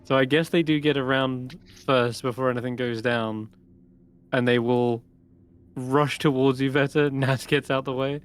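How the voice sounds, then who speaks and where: A man acting as game master, narrating a live tabletop game and thinking aloud with pauses as he runs the combat. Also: medium pitch, fairly even intonation, clean tone.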